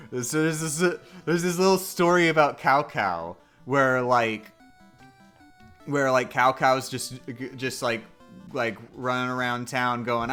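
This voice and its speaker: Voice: medium pitch, fairly bright tone. Rambling streamer telling a silly story. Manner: meandering, many restarts, laughing at own story.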